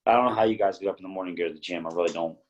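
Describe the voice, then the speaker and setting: A man talking bluntly with lots of swearing on a casual podcast, telling stories in a lively way. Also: low-pitched, racing, muffled recording. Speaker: podcast guest.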